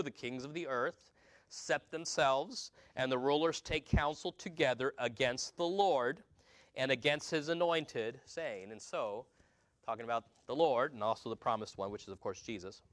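Male pastor, casual sermon delivery, mid-pitched voice, stops to quiz the congregation. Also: a bit bright, no echo. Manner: conversational, repeats words, asks the congregation questions.

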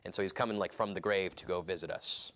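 A man preaching an expository sermon, reading scripture aloud and acting out the scenes in lively voices. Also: low-pitched, fast. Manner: animated, reads scripture aloud and acts out scenes.

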